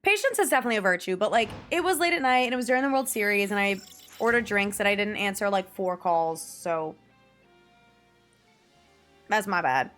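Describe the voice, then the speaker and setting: A woman's voice: medium pitch, expressive, a little fast, long pauses, fairly bright tone, soft background music. A young woman from the New area, chatting casually to her stream viewers, swearing freely and laughing often. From New York / New Jersey area. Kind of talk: casual chat to viewers while gaming.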